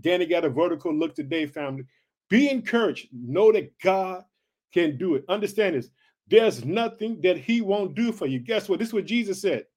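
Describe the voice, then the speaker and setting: A man from the United States preaching an excited podcast sermon, repeating call-outs to his listeners. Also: sits high. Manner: excited, repeats "guess what" and "did you hear that". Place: home podcast setup in Chicago.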